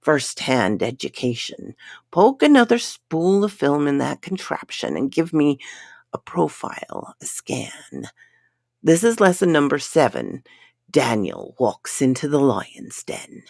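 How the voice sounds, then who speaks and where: A woman's voice: deep voice, big pitch swings, slow pace, creaky, darkish tone, no echo, clean studio sound, heavily acted. A woman voicing a big, boastful spaceman with a folksy drawl, in a storybook reading. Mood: commanding. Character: big brash Irish spaceman, grown man.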